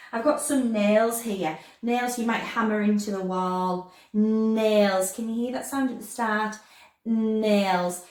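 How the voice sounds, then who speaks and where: A schoolteacher leads young children through letter sounds, her voice animated and sing-song. She drags each word out slowly and clearly. The recording carries an echoey room around her. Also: fairly high pitch. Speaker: primary school teacher. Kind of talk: phonics lesson for young children.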